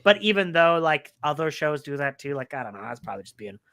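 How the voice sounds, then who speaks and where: A young woman chats casually as a co-host, her voice sitting a little low. She rambles and stacks fillers as she works through her thoughts. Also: sing-song, fast, fairly bright tone. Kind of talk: casual chat.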